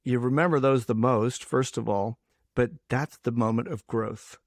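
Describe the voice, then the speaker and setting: A man hosting a podcast chat, talking energetically and often restarting his sentences. His voice has a gravelly fry to it. The sound is dry and close, with no room echo. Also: mid-range voice, moderate pace. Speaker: podcast host. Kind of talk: casual podcast conversation.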